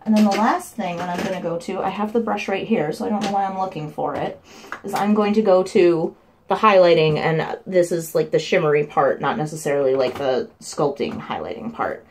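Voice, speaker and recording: A young woman, a makeup vlogger, casually walks through her makeup steps at home in a tutorial vlog, sounding winded after running up the stairs. Her voice is brisk with a darkish tone and a slight hiss or hum, and her chatty talk slips into high sing-song baby talk.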